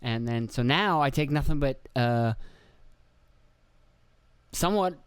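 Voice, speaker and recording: Speaking slowly with lively intonation, this podcast host has a medium-pitched voice captured cleanly, without echo. The young man runs his casual show solo from an indoor room with a video camera, wandering off topic, cursing, poking fun at himself and performing quoted voices.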